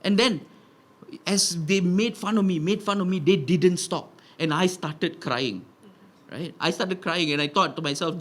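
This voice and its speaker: A male stand-up comedian, telling stories in an animated, punchy way and tagging lines with "right?". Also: high voice, moderate pace. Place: live comedy venue with audience laughter.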